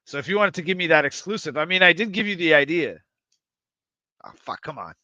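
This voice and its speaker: Male streamer, higher-pitched, rambly and hyped, self-mocking, dull lo-fi mic. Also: fast talker, bright, forceful tone, dry recording. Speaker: livestream host. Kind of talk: casual livestream chat to viewers.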